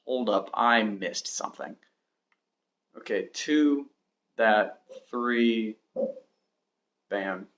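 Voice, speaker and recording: A man with a lowish voice speaks very slowly, leaving long pauses, as he chats casually to viewers during a game build. He rambles, runs himself down, and counts blocks aloud, all over poor audio with steady mouse and keyboard clicks behind.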